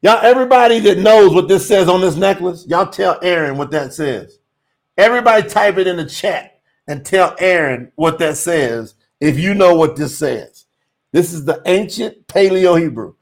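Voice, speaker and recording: Slightly high-voiced male livestream host, animated and emphatic, talks to chat as y'all. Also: normal speed, creaky. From USA. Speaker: livestream host teaching Hebrew scripture. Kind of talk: casual livestream teaching with chat.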